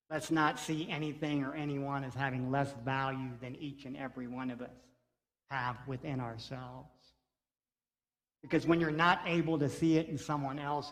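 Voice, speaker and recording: A man preaching a sermon as pastor, earnest, with rhythmic repeated lines. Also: medium pitch. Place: church sanctuary. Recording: reverberant church sanctuary.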